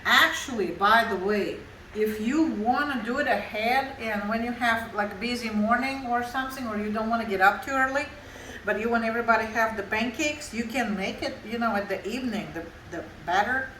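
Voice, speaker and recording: Her voice is on the high side, brisk and sharp-toned, as this Russian cooking show host explains each step of a kitchen demonstration in broken, accented English. Poor audio, with a roomy sound and a little hiss or hum.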